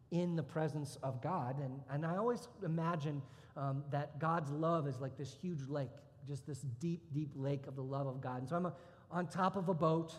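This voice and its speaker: An earnest male pastor delivers a sermon built around his own testimony, his voice sitting a little high for a man. He speaks with deep emotion and swells into intense passages. The sound rings through a large church hall with a long reverb. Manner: earnest, emotional storytelling, rising to intense outbursts. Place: church sanctuary.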